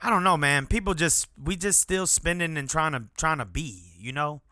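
A man's voice: a little high, normal speed, no echo, clean studio sound. Profane, fired-up male podcast host. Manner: profane, animated storytelling that flares into irritation. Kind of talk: casual solo podcast rant. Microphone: podcast mic without headphones.

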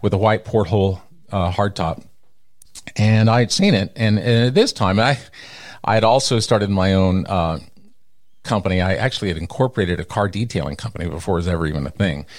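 A middle-aged man from Texas, telling stories as an interview guest and acting out the people he quotes. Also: a little fast. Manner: animated storyteller who acts out quoted people with big pitch jumps. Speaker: radio personality, interview guest. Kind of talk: storytelling in an interview.

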